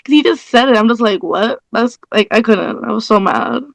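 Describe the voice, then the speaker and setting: A woman's voice: fairly high pitch, brisk, creaky, no room sound, low-quality recording. A young woman, a reality show contestant, chatting casually at a reunion and retelling events with acted-out quotes.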